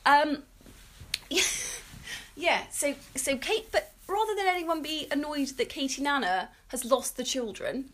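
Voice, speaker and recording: A woman's voice: sits high, animated, takes it slowly, a bit bright. Giggly, playful English woman in her 30s. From England. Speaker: podcast co-host. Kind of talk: casual chat.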